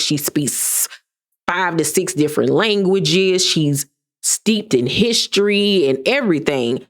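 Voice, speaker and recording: A woman in her thirties giving a sassy, gossipy casual recap of a reality show, sometimes mimicking the cast. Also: low-pitched. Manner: sassy, gossipy, animated impressions of cast members.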